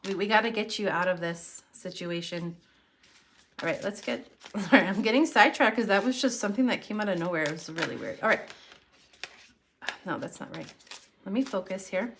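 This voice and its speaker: A woman's voice: medium pitch, animated, fairly quick, pauses often, a bit bright, slight background noise. Woman, tarot reader, casual to-camera reading, earnest and encouraging, mid-range voice, faint card shuffling behind. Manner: earnest, encouraging, speaks straight to the viewer.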